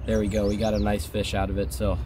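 A young man casually explaining his fishing on a lake shore, getting excitable when a fish bites. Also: lowish voice, quick pace, background noise. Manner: excitable, exclaims often while fighting fish. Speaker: fishing vlogger. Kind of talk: casual outdoor vlog commentary.

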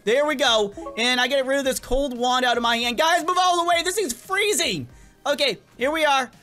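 A man giving casual, excitable gameplay commentary as a gaming channel host, often stumbling and repeating words. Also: extremely high pitch, normal speed, soft background music. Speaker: gaming YouTuber.

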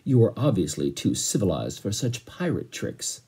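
This is a dignified butler from a storybook, as a man reading aloud puts him on. He speaks in long, courteous, formal phrases, slightly raised in pitch and warm in tone. His voice is quite husky and lively in its melody. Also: moderate pace, full character voice. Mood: earnest. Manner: elaborately courteous, formal speech.

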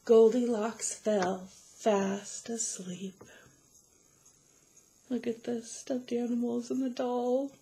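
A woman teacher reading a fairy tale aloud to children, slow and animated, asking them questions along the way. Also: fairly high pitch.

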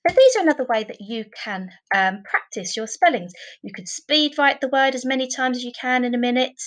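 A woman's voice: high-pitched, expressive, brisk, fairly bright tone, rough recording. Patient woman teaching children. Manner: clear, patient, encouraging teacher talk with tag questions. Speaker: primary school teacher. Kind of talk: recorded online lesson.

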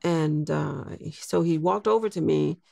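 A woman in her sixties, a podcast guest telling a personal story in a slow, reflective way. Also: low voice, vocal fry, dark tone, dry recording, clean studio sound. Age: 60s. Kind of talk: storytelling interview.

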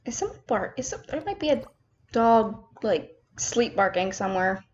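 Young woman, gaming commentary, rambling and self-mocking, fairly high voice, slightly dull home mic, keyboard clicks. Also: lively intonation, moderate pace, darkish tone. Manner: chatty, self-mocking, talks to herself while playing. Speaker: gaming streamer. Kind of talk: casual let's-play commentary.

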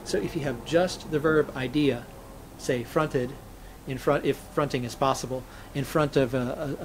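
A man's voice: medium pitch, slight background noise, low-quality recording. A man, a scholar and interview guest, explaining grammar methodically and illustrating points with spoken examples.

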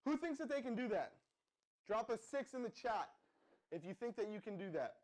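Casting note: young male live-stream host, energetic hype pitch, slightly higher voice, keeps firing questions at the chat. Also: normal speed. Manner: pumped-up, addresses viewers as guys, asks the chat to respond. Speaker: livestream host.

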